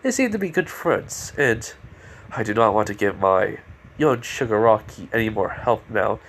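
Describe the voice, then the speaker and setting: A young man voicing a calm, formal male villain who speaks in stiff, polite phrases, with a stuffy nose. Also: lowish voice, normal speed, slight background noise, low-quality recording.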